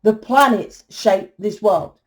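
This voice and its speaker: A woman's voice: mid-range voice, expressive, takes it slowly. A woman giving a tarot reading in a fiery, blunt monologue, swearing freely and asking "right?" often. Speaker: tarot reader.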